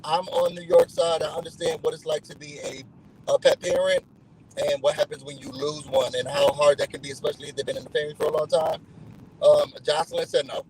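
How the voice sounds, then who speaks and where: A man's voice: fairly high pitch, brisk, slight background noise, rough recording. A man casually recapping a reality show for his channel, telling it animatedly and acting out what people said. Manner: animated storytelling, acting out quotes in other voices.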